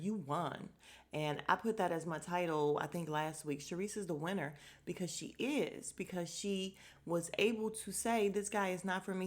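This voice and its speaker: Podcast host, woman, slightly low voice, casual and blunt, swears freely, jumps into quick impressions of the cast. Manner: acts out cast members' lines in quick asides. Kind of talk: casual reality-show recap.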